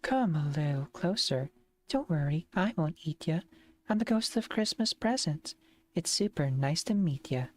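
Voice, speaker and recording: A woman's voice: sits low, lively intonation, moderate pace, a little mellow, slight background noise, voice pushed down. A woman voicing a jolly, mischievous Christmas ghost who sings in a bouncy, showy way. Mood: coaxing.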